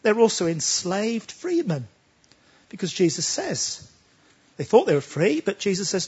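A man's voice: high-pitched, sing-song, a little slow, a little mellow, breathy edge, highs cut off. A man preaching a sermon, talking emphatically and pressing his listeners with rhetorical questions.

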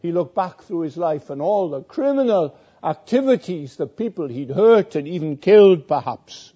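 A man preaching a sermon in a slow, deliberate way, quoting scripture and repeating phrases for weight. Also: fairly high pitch, very animated, dark tone, slightly rough. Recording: dull lo-fi recording.

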